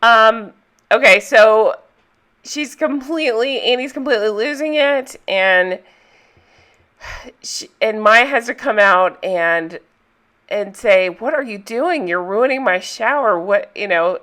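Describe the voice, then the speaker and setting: A woman with a bright, clear voice at a middle pitch, walking through a movie plot in a casual, chatty recap. She is enthusiastic and laughs easily as she retells the scenes. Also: measured pace.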